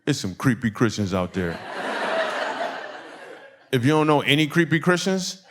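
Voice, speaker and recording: A man from Michigan doing stand-up storytelling in a church, animated and conversational, laughing through his punchlines. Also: medium pitch, normal speed, heavy background noise. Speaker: comedian.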